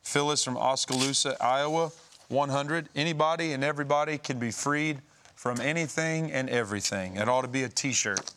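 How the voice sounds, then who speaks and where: Male telethon host, mid-pitched, relaxed donor roll call with preachy, joking asides. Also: moderate pace, a little hiss or hum. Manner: easygoing, joking asides between prayerful comments. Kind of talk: reading donor names with brief preaching asides.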